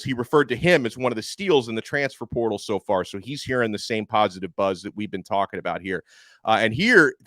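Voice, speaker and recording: A man's voice: medium pitch, fairly bright tone, no echo, clean studio sound. Upbeat man hosting a sports podcast. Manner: conversational, upbeat, self-deprecating. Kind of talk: casual sports analysis.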